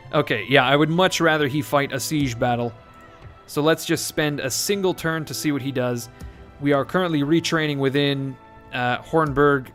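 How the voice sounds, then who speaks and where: A man giving casual gameplay commentary, rambling and self-correcting with occasional jokes and swearing. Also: fairly high pitch. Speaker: let's play host.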